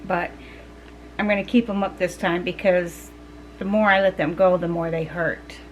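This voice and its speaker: A woman's voice: fairly low pitch, fairly even intonation, moderate pace, dull audio, slight background noise. A middle-aged woman vlogger talking casually to her viewers, rambling with fillers and restarts. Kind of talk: casual chat to camera.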